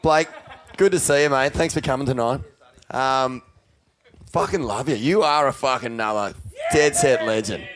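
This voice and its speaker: A man hosting a live panel, crude and jokey, swearing and shouting praise at the crowd. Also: medium pitch, normal speed. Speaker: host. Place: live panel at a bowling club in front of an audience. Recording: noisy live club recording.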